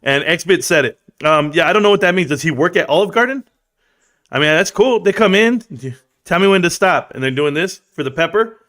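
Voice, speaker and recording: Male streamer, loose and animated, bright edge, sits a touch high. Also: a little fast. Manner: loose, slangy, animated, reads chat aloud. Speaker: livestream host. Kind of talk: casual livestream chat.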